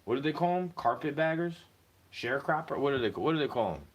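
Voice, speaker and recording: A man's voice: medium pitch, animated, fast talker, husky, dull audio. A young man ranting to camera in a heated, profane monologue, slipping into mocking put-on voices.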